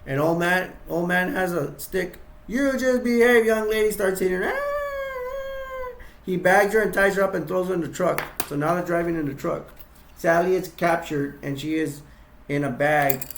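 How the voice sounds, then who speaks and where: A man's voice: fairly high pitch, fairly even intonation, normal speed, vocal fry, roomy sound, slight background noise. A man casually retelling a horror film scene by scene, rambling with restarts and acting out quotes in a raised voice. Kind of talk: casual acted-out retelling with toys.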